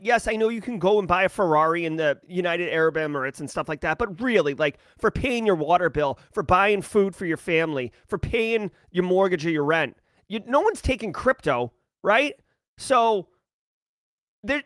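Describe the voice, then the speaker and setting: A man hosting a casual daily news livestream, talking in an animated, ranting way with many fillers and restarts. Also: sits high, no echo, studio quality.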